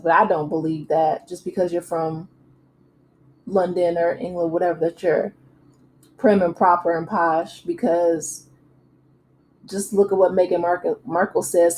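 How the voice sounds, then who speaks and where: A woman's voice: medium pitch, darkish tone, a little hiss or hum, rough recording. A woman recapping a reality show in a casual, chatty way, full of asides and fillers. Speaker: recap vlogger. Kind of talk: casual chat.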